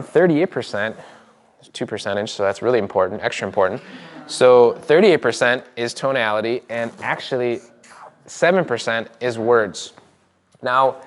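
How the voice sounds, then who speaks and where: A man teaching a live seminar as a trainer, energetic and demonstrative, speaking to a room of people with quick asides. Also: mid-range voice. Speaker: NLP trainer.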